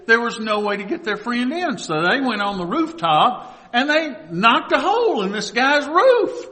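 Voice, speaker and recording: Bright-voiced preaching man in a reverberant hall. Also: high voice. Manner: earnest preaching with audience call-and-response. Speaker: pastor. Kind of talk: sermon.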